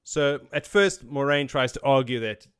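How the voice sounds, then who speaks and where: A man co-hosting a casual book-discussion podcast, retelling the plot in an animated way and slipping into quick character voices. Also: medium pitch, clean tone. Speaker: podcast co-host.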